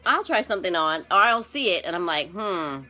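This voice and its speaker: A bubbly woman with a bright, forceful voice hosts a casual live stream as a wardrobe stylist. She laughs often and chats warmly with viewers, calling out their names. Faint music plays behind her. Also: fairly low pitch, animated, a little fast.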